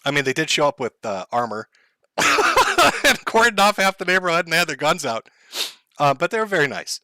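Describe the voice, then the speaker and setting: A man on a live stream, talking loosely and sardonically, with a bright, lively voice that swings around a lot. He laughs often and hams up fake distress. The sound is dry and close, with no room around it. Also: on the high side, normal speed, no echo. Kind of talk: casual live-stream talk. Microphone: headphones and desk mic.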